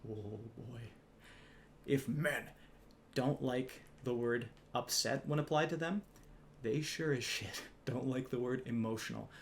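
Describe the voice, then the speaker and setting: A man's voice: medium pitch, a little slow, gravelly, a little hiss or hum. A man casually telling a story from his retail job, wry and conversational, a little smug, swearing now and then.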